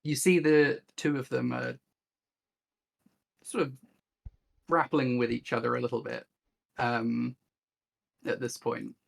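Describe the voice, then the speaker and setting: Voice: mid-range voice, little pitch movement, slow pace, gravelly, long pauses. A player in an online tabletop game, describing scenes and their captive woman character.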